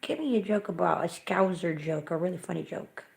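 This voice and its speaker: A woman hosting a livestream, talking loudly and bluntly to her chat. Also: fairly low pitch, lively intonation, a little fast, vocal fry. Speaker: livestream host.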